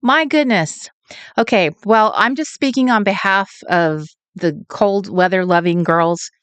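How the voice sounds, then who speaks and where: A woman's voice: mid-range voice, a little slow, fairly bright tone, clean tone, no echo. A woman from California hosting a late-night craft livestream, chatting and greeting viewers in a giggly, sing-song way. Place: home, at night.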